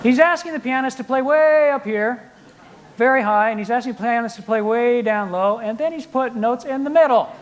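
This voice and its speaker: Playful, high-voiced man explaining music. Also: moderate pace, background noise. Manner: animated, playful explainer acting out the composer's attitude. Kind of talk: lecture-demonstration to a live audience. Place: concert hall with live audience.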